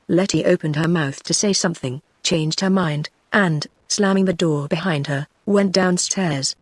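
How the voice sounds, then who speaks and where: A text-to-speech woman's voice with a British English accent, reading a novel as scripted narration at an even pace. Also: on the low side, moderate pace, hardly any pauses, dry recording. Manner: evenly paced synthetic reading. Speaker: audiobook narrator.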